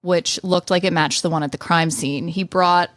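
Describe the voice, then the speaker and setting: A woman's voice: on the low side, steady tone, normal speed, a bit bright, no echo. A woman co-hosting a podcast, casually walking listeners through a true-crime story in order. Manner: storytelling, reading events in order. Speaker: podcast co-host.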